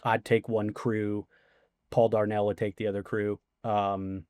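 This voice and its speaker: A man's voice: on the low side, flat delivery, measured pace, a little mellow, clear, resonant tone, dry recording, studio quality. A man in his forties, a guest in a casual interview, telling rambling anecdotes full of fillers. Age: 40s.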